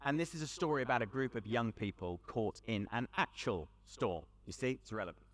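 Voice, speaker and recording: A man with a British accent giving a storytelling talk to a young audience at an event, conversational with dramatic pauses. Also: mid-range voice. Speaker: youth event speaker. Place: large hall with audience. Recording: long hall reverb.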